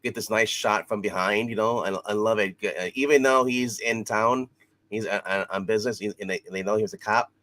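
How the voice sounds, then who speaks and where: A man with a fairly low voice chats casually through a TV episode review. He rambles, restarting sentences and leaning on fillers. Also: a little fast, fairly bright tone.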